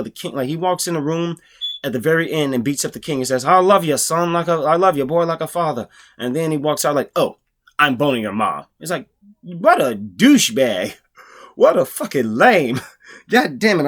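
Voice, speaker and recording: A man rants through a casual book review, swearing freely in an exasperated, mocking tone. His voice sits a little higher than most men's.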